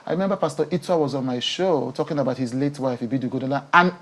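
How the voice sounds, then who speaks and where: Woman talk show host on a tv studio couch, animated and emotional, laughs a lot. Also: extremely low pitch, fast talker. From Nigeria. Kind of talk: TV studio interview.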